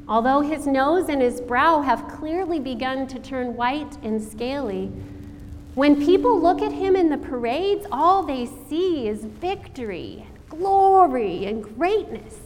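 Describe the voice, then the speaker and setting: Woman preacher, sermon, slow dramatic delivery, fairly high voice, long hall reverb, faint background hum. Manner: slow dramatic storytelling with rhetorical questions.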